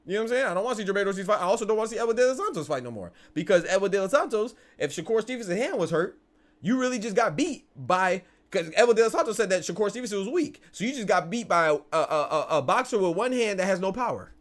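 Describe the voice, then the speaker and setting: A man's voice: high-pitched, lively intonation. A man hosting a live boxing stream, chatting casually and asking viewers whether they follow him. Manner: chatty, tag questions, quick restarts.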